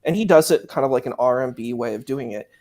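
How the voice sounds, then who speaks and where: A man in a heated, casual conversation. He gets indignant and acts out other people's lines as he argues. His voice sits at a middle pitch. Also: fast talker, a little mellow.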